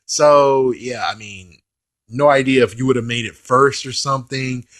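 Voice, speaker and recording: A man's voice: medium pitch, steady tone, moderate pace, fairly bright tone. A man giving a casual, profane, exasperated rant in a movie review vlog. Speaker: movie commentary vlogger.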